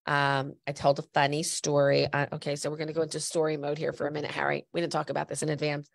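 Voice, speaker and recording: Talking quickly in a low-pitched voice with vocal fry and a totally flat delivery, a woman hosts a conversational podcast with no echo. Slightly congested from a cold, she chats, tells stories, and appeals straight to listeners.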